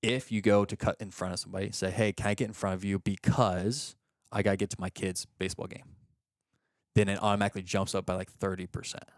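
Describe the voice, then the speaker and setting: A man's voice: low voice, fast talker, no echo, clean studio sound. A man who is a father of young children, coaching a client and explaining each step patiently on a podcast. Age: young adult or middle-aged, a father of young kids. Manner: explaining in a steady teaching way, often acting out example questions. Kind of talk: coaching session chat.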